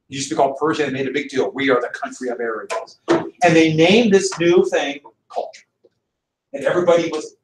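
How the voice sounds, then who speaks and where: A man's voice: on the high side, slight background noise. A male history teacher lecturing a class and telling a story, acting out the people in it. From Montana, USA. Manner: animated storyteller, voices his characters. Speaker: high school history teacher. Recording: echoey classroom, mic at a distance.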